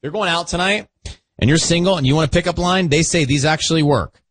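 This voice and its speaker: A man's voice: on the high side, fast talker, a bit bright, breathy edge, dry recording. A man hosting a radio show, chatting casually and playfully reading pickup lines aloud. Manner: playful, reads lines aloud with mock charm. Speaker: radio host.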